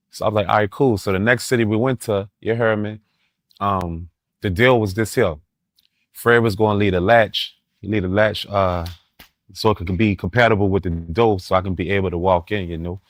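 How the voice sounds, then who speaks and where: Low-voiced man telling a story in street slang. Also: a little fast, no echo, clean studio sound. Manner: street slang, keeps asking "you dig"; laughing, animated anecdotes. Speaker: guest. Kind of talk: casual storytelling.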